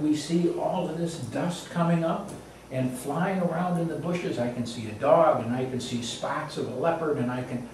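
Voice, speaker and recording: A man's voice: on the high side, darkish tone. A man casually telling a personal anecdote in a plain, repetitive way that builds suspense. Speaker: storyteller. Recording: very echoey room, distant mic, faint noise.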